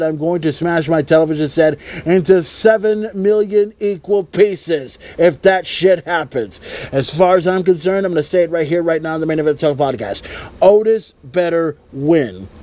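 A man's voice: a little high, darkish tone. A man hosting a podcast, giving wrestling predictions in a heated, profane, emphatic rant. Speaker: podcast host.

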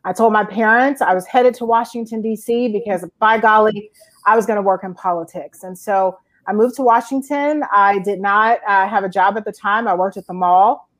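Interview guest: woman in her forties from Georgia, lively anecdotal storyteller with many "uh" fillers, mid-pitched voice. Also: moderate pace. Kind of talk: conversational storytelling.

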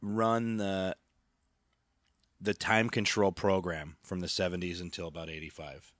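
A man's voice: low voice, level tone, a little slow, a bit bright, no room sound, clean studio sound. A man chatting on a podcast who laughs often and reads aloud with hesitant restarts. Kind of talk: casual podcast chat.

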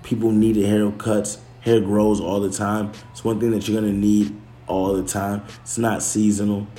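A man's voice: on the low side, flat delivery, normal speed, mellow, soft background music. A man talking casually to camera, loose and slangy, swearing, restarting and correcting himself as he goes. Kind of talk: casual chat. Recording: echoey room.

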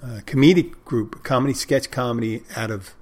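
In a medium pitch and at a slightly fast pace, a man hosting a podcast rambles casually to his listeners. The monologue wanders, with frequent self-corrections and moments where he loses his thread.

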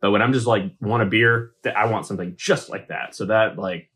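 A man's voice: on the low side, fairly even intonation, fairly quick, fairly bright tone, slightly rough. A man co-hosting a podcast, talking enthusiastically in a casual chat. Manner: enthusiastic, talkative. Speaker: podcast co-host.

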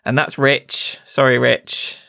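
A man's voice: medium pitch, little pitch movement, slow, gravelly, pushed and bright. A man hosting a casual gaming podcast, upbeat and teasing, often giggling as he talks. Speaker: podcast host.

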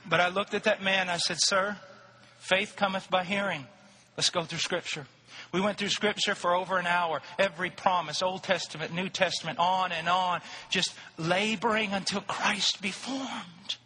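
Male preacher, high bright voice, reverberant hall, passionate storytelling sermon. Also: steady tone, normal speed, slight background noise. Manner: impassioned storytelling, rising to shouts.

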